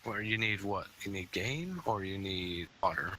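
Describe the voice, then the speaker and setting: A man running a tabletop pirate game as game master, halting and full of fillers. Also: deep voice, expressive, pushed and bright, a little hiss or hum.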